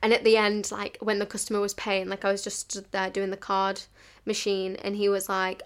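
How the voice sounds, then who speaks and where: A woman's voice: medium pitch, steady tone, normal speed, fairly bright tone. A young woman chats through a podcast episode. She talks casually, scatters "like" through her sentences and slips into other people's voices as she retells events. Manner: chatty, fillers like "like", acts out quoted dialogue. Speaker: podcast host. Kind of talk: casual chatty storytelling.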